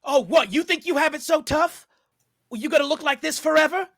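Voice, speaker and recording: A man's voice: brisk, a bit bright, dry recording, studio quality. Man screaming as a furious teenage vampire girl. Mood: bitter. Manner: screaming, shrill and threatening.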